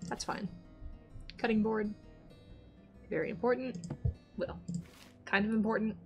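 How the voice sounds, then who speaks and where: A woman's voice: a little high, steady tone, unhurried, a little mellow, soft background music. A woman streaming a game, chatting casually to herself and her viewers and getting exasperated now and then. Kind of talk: casual let's-play chat.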